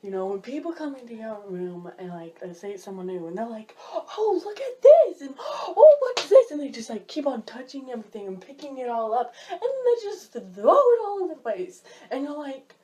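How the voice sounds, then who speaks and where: Animated woman vlogger with a mellow voice. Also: brisk, few pauses. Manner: animated, jumps high when mimicking others; drops low and quiet for asides. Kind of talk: casual vlog monologue.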